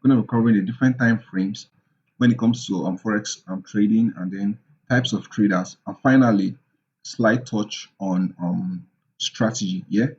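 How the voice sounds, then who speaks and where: Low-voiced man teaching forex, lo-fi. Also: brisk, a little mellow. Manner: asks rhetorical questions and answers them, many ums. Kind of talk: casual screen-share tutorial.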